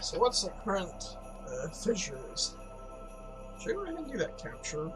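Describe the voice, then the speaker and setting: A man's voice: sits high, wildly swooping pitch, moderate pace, music in the background, low-quality recording. Rambling, joking man playing a game. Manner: rambling, joking, laughs often, mild swearing. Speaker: gaming commentator. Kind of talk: casual let's-play commentary.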